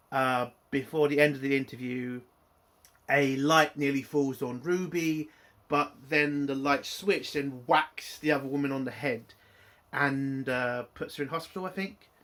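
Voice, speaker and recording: A man's voice: medium pitch, fairly bright tone. A man giving a blunt, opinionated spoken TV review, swearing freely.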